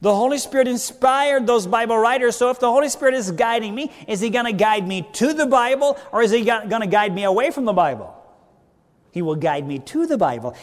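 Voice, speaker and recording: Male pastor, fairly high voice, preacherly sermon delivery with wide loudness swings, church hall with long reverb. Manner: preacherly, asks the audience questions and answers them, wide swings in loudness. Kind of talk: sermon Bible study.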